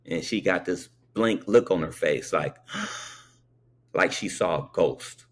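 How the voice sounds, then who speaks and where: A man's voice: deep voice, animated, takes it slowly. A man telling a personal story in a conversational way, often checking in with the listener.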